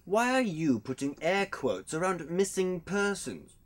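A man's voice: sits high, very animated, measured pace. An actor playing a suspicious, petulant male coworker worried about his evil boss in a comic audio drama.

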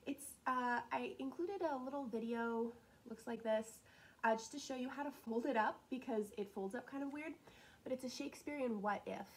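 A woman teacher talking through class assignments in a casual, upbeat way, with frequent laughs and quick asides. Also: fairly high pitch, rough recording. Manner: chatty and upbeat, laughs often, drops into asides. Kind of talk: casual recorded lesson walkthrough.

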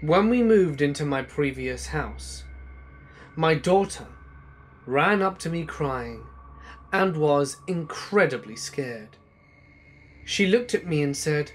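A man reading true scary stories aloud as a narrator, slow and hushed, letting his voice sink low at the ends of lines. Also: lively intonation. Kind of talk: scripted horror narration.

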